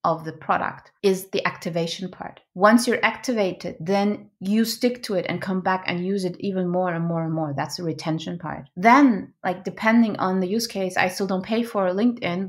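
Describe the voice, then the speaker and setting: A woman guest in an interview explaining her field, often tagging her points with "right?" and correcting herself as she goes. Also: mid-range voice. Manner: laughs easily. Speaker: podcast guest, product expert.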